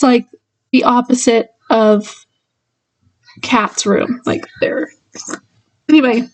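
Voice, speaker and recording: Rambling high-voiced woman reviewing a book. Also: a little mellow, no room sound, distant mic, rough recording. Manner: rambling retelling with many fillers and laughs. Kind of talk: casual book review chat.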